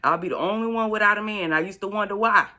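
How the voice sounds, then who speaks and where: Chatty bright-voiced woman. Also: mid-range voice. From Florida, US. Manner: rambling, chatty, drawls words out slowly for effect. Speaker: vlogger. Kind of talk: casual storytelling monologue. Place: at home doing makeup.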